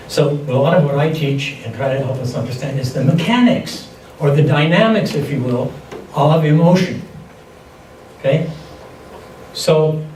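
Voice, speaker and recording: A man's voice: medium pitch, dark tone. An older man giving a seminar talk, teaching in a conversational, anecdotal way with frequent restarts. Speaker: seminar speaker. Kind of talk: lecture on holistic health. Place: lecture hall. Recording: echoey hall, distant mic, faint noise.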